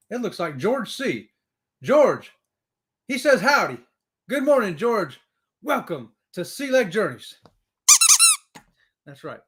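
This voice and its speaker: A man's voice: on the high side, a bit bright. A man hosting a casual live stream, greeting viewers by name and reading their comments aloud in an upbeat, whooping way.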